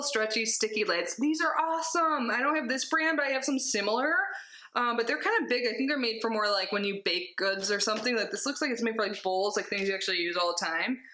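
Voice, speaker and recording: A young woman chatting casually as she unboxes a subscription box at home, bubbly and excitable with giggly asides. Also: on the high side, roomy sound. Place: home, with cats.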